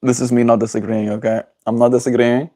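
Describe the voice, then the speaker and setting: A man's voice: mid-range voice, little pitch movement, fast, mellow. A man chatting casually on his daily livestream, rambling and playful as he answers his chat. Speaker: daily streamer.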